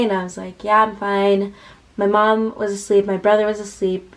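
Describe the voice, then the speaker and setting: A woman's voice: mid-range voice, little pitch movement, fairly quick, rough recording. A young woman in her late teens casually telling a personal story to her vlog audience, full of "like" and quoted back-and-forth dialogue. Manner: chatty, heavy use of "like", retelling with quoted dialogue. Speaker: vlogger.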